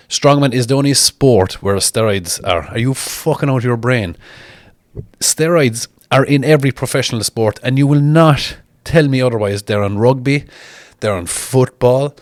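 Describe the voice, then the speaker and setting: A man's voice: medium pitch, no echo, studio quality. Blunt sweary man. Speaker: strongman reading viewer comments. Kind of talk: casual chat.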